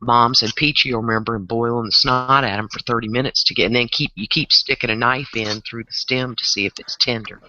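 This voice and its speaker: A man hosting a casual chat, excitable and teasing, quick to break into loud laughs. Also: mid-range voice, no echo. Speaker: show host. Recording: lo-fi sound.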